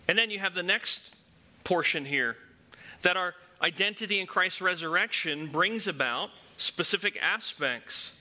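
Male pastor, higher register, very bright tone, conversational teaching sermon with rhetorical questions. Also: expressive, a little slow, long pauses.

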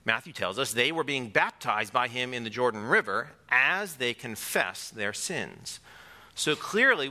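A man's voice: medium pitch, bright, forceful tone. A man preaching an earnest, emphatic sermon and reading scripture aloud.

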